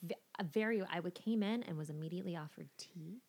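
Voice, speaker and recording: A woman chatting as a podcast guest, agreeable and quick to laugh. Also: on the low side, slightly rough. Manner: giggly, agreeable, lively. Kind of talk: casual podcast chat.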